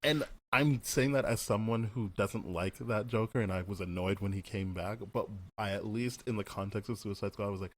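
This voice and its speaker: A man's voice: fairly low pitch, brisk, few pauses. A man co-hosting a casual movie review podcast, rambling and laughing as he acts out quotes. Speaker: podcast co-host.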